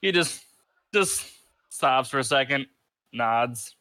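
A man playing a tabletop game, describing his character's actions in halting phrases. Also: medium pitch, lively intonation, pushed and bright, dry recording. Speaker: player.

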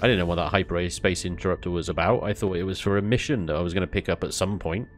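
A man giving casual, animated commentary on his gameplay, ranting and laughing with mild swearing. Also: deep voice, quick pace, soft background music. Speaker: gaming YouTuber.

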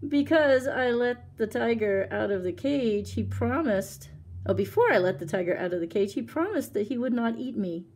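Woman doing a nervous formal holy man voice, tired, put-upon, kinda loud. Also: a little high, lively intonation, moderate pace. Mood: weary. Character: weary, anxious learned holy man.

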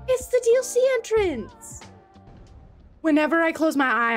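High, lively woman streaming a game. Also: measured pace, faint music behind. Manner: excitable, gasps often, swears freely. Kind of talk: live game commentary.

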